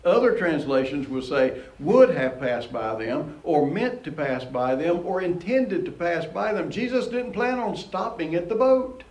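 A man's voice: a little slow, few pauses, roomy sound, rough recording. A man preaching a casual, conversational Bible teaching and chuckling often as he reads and comments on scripture. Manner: conversational, chuckles often, animated rises in pitch.

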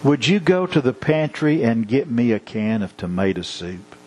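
A man's voice: medium pitch, normal speed, dark tone, pitched below the performer's own voice, close to an everyday voice. A man putting on the voice of a patient young mother who coaxes her small son. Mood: coaxing.

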